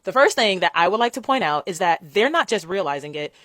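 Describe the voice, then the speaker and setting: A woman from the United States vlogs straight to camera in a chatty, direct way, full of "like" and "um." Her voice sits at a middle pitch. It is recorded close and dry on a phone. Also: big pitch swings, quick pace, fairly bright tone, dry recording. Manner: chatty, direct, lots of fillers like "like" and "um". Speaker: vlogger. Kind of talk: casual commentary to camera.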